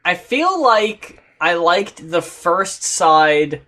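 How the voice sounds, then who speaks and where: A man's voice: sits high, big pitch swings, drawn-out words, sharp tone. A man co-hosting a casual album reaction talk, enthusiastic and swearing, at times reading notes aloud. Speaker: co-host reviewing albums.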